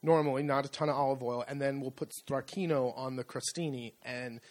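A man's voice: medium pitch, steady tone, a little fast. A middle-aged man co-hosting a casual podcast chat, rambling with many fillers and restarts. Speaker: co-host. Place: rural home.

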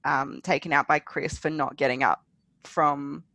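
A woman's voice: sits low, steady tone, a little slow, vocal fry, bright, forceful tone, dry recording. Wry woman podcast co-host, dry sound. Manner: blunt, wry, swearing. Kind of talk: casual chat recapping a reality show.

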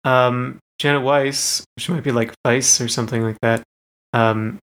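A man's voice: medium pitch, steady tone, measured pace, a bit bright. Easygoing man sharing music trivia. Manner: easygoing, hesitant, with frequent ums and laughs. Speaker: podcast co-host. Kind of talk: casual music discussion.

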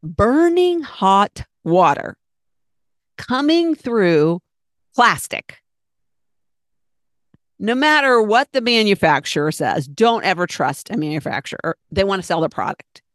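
A woman's voice: medium pitch, sing-song, slow, long pauses, no room sound, studio quality. A middle-aged woman hosting her own podcast, talking in a chatty, rambling, earnest way and acting out her own thoughts. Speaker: podcast host. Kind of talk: casual solo podcast talk.

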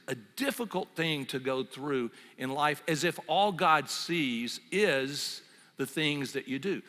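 Bright-voiced pastor man preaching. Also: a little high, in a large hall. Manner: conversational, storytelling with asides and fillers. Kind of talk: sermon.

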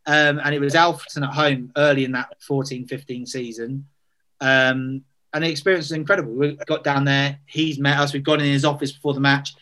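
A man's voice: mid-range voice, steady tone, fairly quick, pushed and bright. A man, telling a story in casual chat, self-deprecating, full of fillers and restarts.

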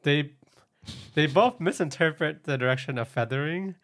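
A man's voice: on the high side, normal speed, a bit bright. Chatty man recapping with a laugh. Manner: chatty, laughs easily, speaks animatedly. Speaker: podcast co-host. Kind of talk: casual recap chat.

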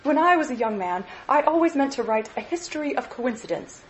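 A woman voicing a genial, talkative middle-aged male clergyman who gently lectures the young men. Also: high-pitched, animated, brisk, slight background noise, voice pushed up, low-quality recording.

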